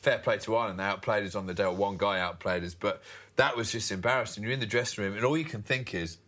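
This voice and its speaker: Bright-voiced man telling stories. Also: lowish voice, quick pace. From England. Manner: lively storyteller who acts out voices. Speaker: podcast co-host, former cricketer. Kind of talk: casual chat.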